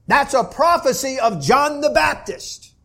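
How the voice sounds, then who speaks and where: A man preaching a sermon with a high, light voice and an unhurried, deliberate delivery. He leans hard into emphasis when quoting scripture, his voice climbing on the key words. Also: expressive, a bit bright. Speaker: pastor.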